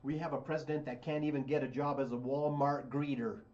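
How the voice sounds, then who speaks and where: A man's voice: mid-range voice, fairly even intonation, a little fast, darkish tone, dull audio. A man talking politics on a radio show, blunt, heated and mocking.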